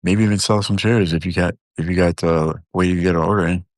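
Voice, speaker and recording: A man with a very deep, low voice hosts a casual live stream, rambling from one thought to the next with lots of fillers and restarts. He jokes around and talks directly to his viewers at a fast clip, in a steady tone. The sound is dry and close, with no echo.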